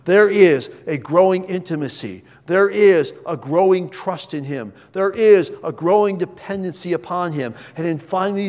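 High-voiced man preaching in a reverberant hall. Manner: preaching with wide swings between raised emphasis and quiet asides. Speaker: pastor. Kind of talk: sermon.

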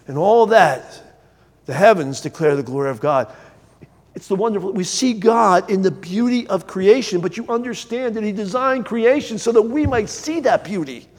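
High-voiced pastor preaching in a reverberant church. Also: male voice, lively intonation, moderate pace. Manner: earnest, rising to emphatic peaks then dropping low. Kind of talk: sermon. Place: church sanctuary.

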